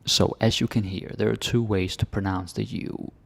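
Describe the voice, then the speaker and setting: A man from Denmark teaching pronunciation in a relaxed, joking way, often dropping into whispers. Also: on the low side, normal speed, creaky. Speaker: language teacher. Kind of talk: casual pronunciation lesson.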